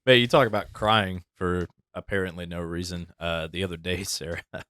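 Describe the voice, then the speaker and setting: A man's voice: sits low, steady tone, brisk, fairly bright tone, clean tone, dry recording, studio quality. A man hosting a casual podcast, telling stories in an easygoing way and laughing often. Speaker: podcast host, firefighter. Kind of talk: casual chat.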